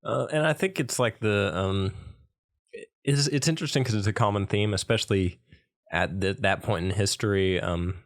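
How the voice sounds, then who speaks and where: A man's voice: lowish voice, normal speed. A man co-hosting a casual podcast chat, rambling and hesitant with lots of fillers. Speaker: podcast co-host.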